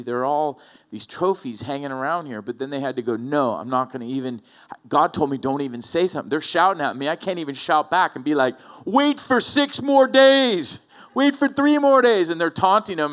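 A man preaching a lively, conversational sermon. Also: fairly high pitch. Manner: conversational, animated storytelling with acted-out quotes. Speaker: pastor.

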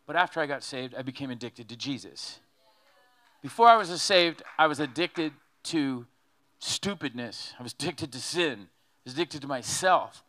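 A man preaching a sermon in an animated, joking way, acting out quotes as he goes. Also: mid-range voice, moderate pace. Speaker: pastor.

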